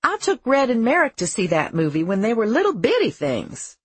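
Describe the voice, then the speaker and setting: A woman narrator voicing a placid, motherly older housewife who speaks calmly and gently. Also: fairly high pitch, a little fast, slightly rough, no echo, voice pushed up, full character voice. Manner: calm, gentle.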